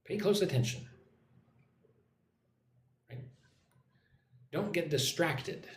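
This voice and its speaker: Lively male English teacher, echoey room. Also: on the high side. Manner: models pronunciation slowly, reads chat comments aloud. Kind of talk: live-streamed English lesson.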